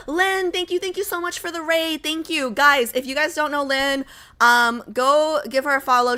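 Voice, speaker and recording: A young woman streaming and chatting casually, rambling with lots of fillers, a little sick so her voice sits lower than usual. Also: fairly bright tone. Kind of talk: casual livestream chat.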